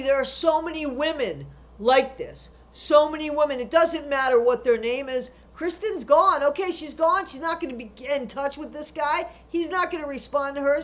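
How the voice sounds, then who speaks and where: A woman with a notably high voice delivers true crime commentary in a ranting style. She is blunt and indignant and swears freely. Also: fairly bright tone.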